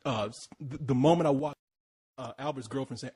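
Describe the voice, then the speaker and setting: A man's voice: fairly even intonation, a little fast, warm tone, breathy edge. A man co-hosting a podcast, telling a long story in casual chat, swearing often and stumbling over repeated words. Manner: rambling, swears freely, repeats words, pitch leaps when mimicking. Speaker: podcast co-host.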